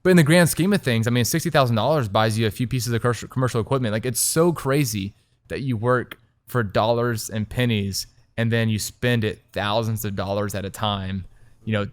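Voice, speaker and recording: Chatty young man, smooth voice. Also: medium pitch, dry recording. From Texas. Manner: animated, quick storytelling full of "like". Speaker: restaurant owner and chef, guest. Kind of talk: casual interview talk.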